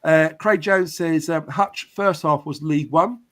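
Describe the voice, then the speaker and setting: A man's voice: a little high, a little slow. A man hosting a live football podcast, reading out viewers' comments and chatting back casually. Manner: chatty, reads out viewer comments and answers them. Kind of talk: casual live-stream chat.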